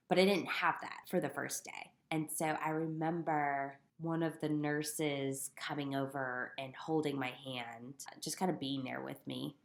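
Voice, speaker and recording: A young woman with a low voice shares her personal story candidly as a guest on a podcast, mixing in self-deprecating humor. The room sounds echoey.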